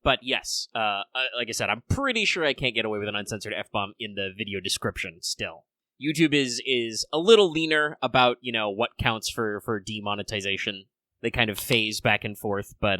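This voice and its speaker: A man's voice: on the low side, moderate pace, pushed and bright, no room sound. A man hosting a casual podcast chat, rambling with lots of fillers, a bit under the weather. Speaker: podcast host.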